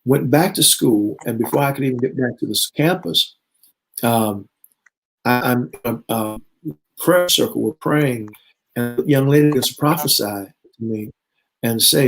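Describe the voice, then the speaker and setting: An earnest man in his fifties recounts his own testimony as a guest bishop. His pitch sits right in the ordinary middle for a man, and he slips into remembered dialogue as he tells it. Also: normal speed, low-quality recording. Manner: earnest storyteller who acts out remembered dialogue. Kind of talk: personal testimony in conversation.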